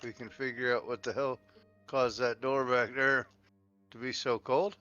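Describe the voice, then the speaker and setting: A man's voice: mid-range voice, little pitch movement, unhurried, pushed and bright, clear, resonant tone, highs cut off, faint music behind. A man playing in a tabletop game, joking around with emphatic, swear-heavy banter. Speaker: player.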